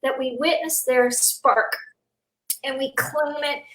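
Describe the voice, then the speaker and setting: Woman host, fairly high voice, echoey room, far from the mic. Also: steady tone, takes it slowly, fairly bright tone. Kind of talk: spiritual talk show chat.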